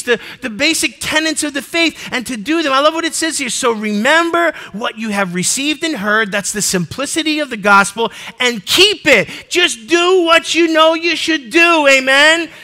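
A middle-aged male pastor preaching a fervent sermon to his congregation in a church, breaking into shouted exhortations. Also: very high-pitched. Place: church sanctuary before a congregation.

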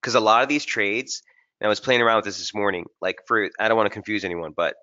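Bright-voiced man walking through trading charts. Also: fairly low pitch, fast talker, dull audio. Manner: casual and energetic, talks straight to viewers as "guys". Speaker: technical strategist hosting a trading webinar. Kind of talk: live market analysis over charts.

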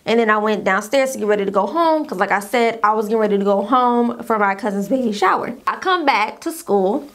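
A young woman telling a casual story-time tale, acting out what other people said in an animated way. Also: medium pitch, fairly quick, hardly any pauses.

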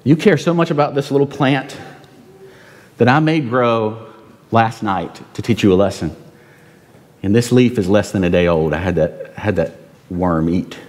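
A preacher voicing God, patient and chiding. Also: male voice, fairly low pitch, normal speed, long pauses, darkish tone, voice pushed down, close to an everyday voice. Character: patient, rebuking God speaking to a prophet. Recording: long reverb in a church.

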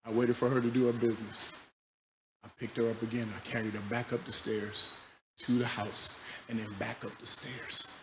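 A man preaching a sermon as a pastor, telling a story that swings from loud, laughing bursts to quiet, low passages. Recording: echoey room with loud background noise.

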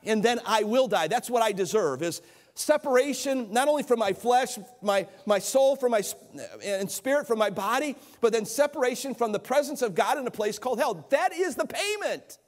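A man preaches a sermon in a notably high voice, pressing his points earnestly and often restarting or repeating his words. The sound rings out with the long reverb of a church sanctuary. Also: moderate pace. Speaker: pastor.

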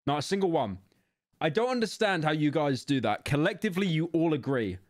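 A man's voice: a little high, expressive, fairly quick, no echo, clean studio sound. A young British man streaming a game, talking casually to his chat with sarcasm and frequent swearing. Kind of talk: casual gaming commentary.

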